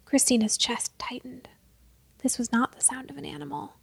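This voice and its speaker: A woman reading a story aloud as narrator, in a steady, measured way. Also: high voice, gravelly, breathy edge, dry recording. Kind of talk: scripted narration.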